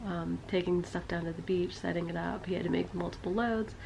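A young woman and mother narrating a casual family vlog, quiet and low as she recounts, loud and high when she talks to her babies. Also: steady tone, a little fast, vocal fry, noisy background.

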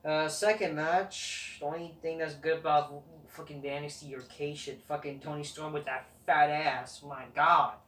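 This wrestling show reviewer and channel host has a slightly high, fairly bright voice with fairly even intonation, talking at normal speed with few pauses. His review is a profane, rambling, dismissive rant full of swearing, recorded on a camera mic from a distance in a roomy space with faint noise.

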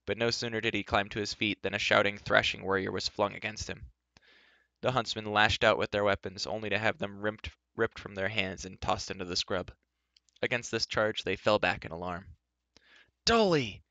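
A man reading a fantasy novel aloud, steady storytelling with the odd stumble over a word. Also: fairly low pitch, brisk, gravelly, dry recording. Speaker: reader.

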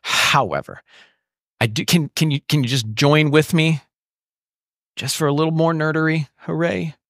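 A man preaching a sermon in an animated, conversational way, often asking the listeners questions. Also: fairly high pitch, normal speed, no echo, studio quality. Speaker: pastor. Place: church.

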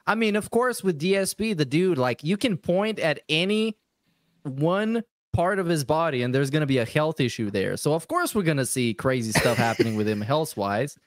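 A man co-hosting a podcast in an animated, jokey, casual chat. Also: fairly high pitch, normal speed, no echo, studio quality. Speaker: podcast co-host.

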